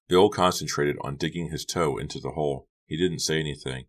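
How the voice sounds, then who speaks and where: A man narrating an audiobook in a steady storytelling delivery. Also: extremely low pitch, brisk, few pauses.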